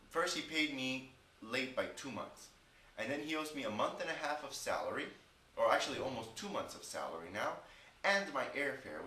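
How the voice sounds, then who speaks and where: A man's voice: mid-range voice, bright, forceful tone, distant mic, a little hiss or hum. Chatty man vlogging in an echoey room. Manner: chatty, rambling, frustrated rant. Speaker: English teacher vlogger. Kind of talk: casual vlog. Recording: echoey room, off-mic at times.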